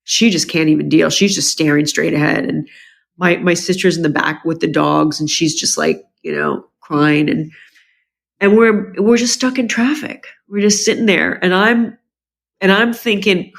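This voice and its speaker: A woman with a fairly low, vocal-fried voice speaks at normal speed as a podcast guest, telling a personal story frankly and emotionally. She restarts often and animatedly acts out her family members' words in a raised voice.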